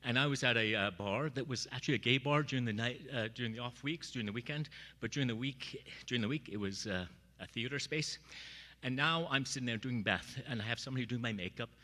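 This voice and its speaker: A middle-aged man speaking at a memorial, telling personal stories in an animated way and acting out the voices he quotes. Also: medium pitch, quick pace, long reverb tail. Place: church sanctuary.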